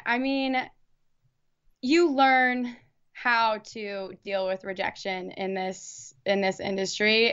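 A young actress chatting as an interview guest, rambling with lots of fillers and restarts. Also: female voice, medium pitch, a bit bright, lo-fi sound. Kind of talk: casual interview.

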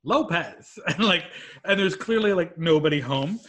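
Animated, higher-voiced comedian guest. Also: male voice, moderate pace. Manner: animated, swearing, laughing storyteller. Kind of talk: casual film chat.

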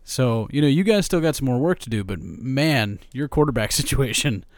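A man's voice: medium pitch, lively intonation, moderate pace, no echo. Profane, rambling man talking football. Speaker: podcast co-host. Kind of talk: casual sports chat.

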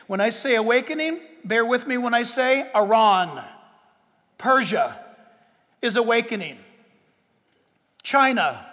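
A male pastor preaches in a remarkably high voice, drawing out his words with theatrical pauses before erupting into loud bursts. Each phrase trails off into the long reverb of a large hall.

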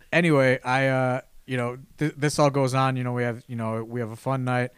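A man's voice: mid-range voice, little pitch movement, moderate pace, clear, resonant tone, dry recording. A man hosting a casual podcast chat, telling a long, rambling anecdote with lots of "you know" and false starts. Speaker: podcast host telling a story.

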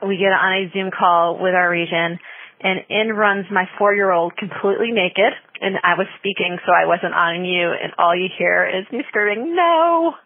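Woman, mother, anecdote, animated, dry, phone-like recording. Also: fairly low pitch, normal speed, no room sound. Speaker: parent. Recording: phone-like line.

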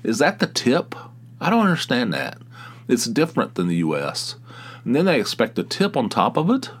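A man's voice: mid-range voice, huge pitch swings, normal speed, breathy edge. A man in his forties from West Virginia, hosting a casual solo podcast and rambling with restarts and sighs. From southern West Virginia, US. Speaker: podcast host.

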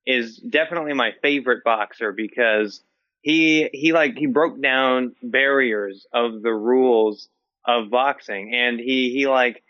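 A man co-hosting a podcast in casual chat, rambling with lots of fillers and deadpan jokes. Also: medium pitch, unhurried, dry recording, highs cut off. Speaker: podcast co-host.

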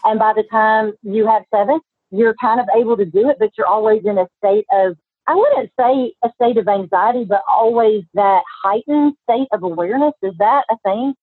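A woman's voice: fairly high pitch, moderate pace, breathy edge, no echo. A woman talking as a podcast guest in a bubbly, friendly way. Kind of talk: casual interview chat. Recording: tinny phone-like line.

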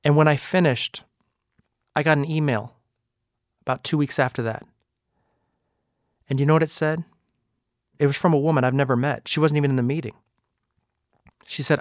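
A man's voice: on the high side, fairly even intonation, normal speed, long pauses, no echo, studio quality. A man hosting a podcast, giving an emphatic motivational talk full of rhetorical questions. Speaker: podcast host and speaker.

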